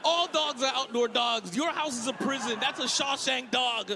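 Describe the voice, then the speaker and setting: High-voiced man hosting a stand-up show. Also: moderate pace, creaky. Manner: punchy, revs up the crowd. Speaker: stand-up comic and festival host. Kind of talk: stand-up comedy. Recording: live club with loud crowd noise.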